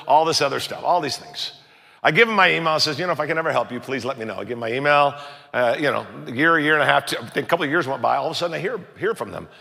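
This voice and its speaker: A middle-aged man, a pastor, telling a story in a sermon and acting out the other voices with animated raised lines. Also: fairly high pitch, gravelly. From United States. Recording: long hall reverb.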